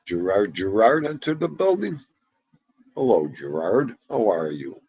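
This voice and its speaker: Animated lo-fi livestream host, low voice. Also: male voice, measured pace, breathy edge. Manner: greets viewers one by one, animated and joking. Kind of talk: casual livestream chat. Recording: dull lo-fi livestream audio.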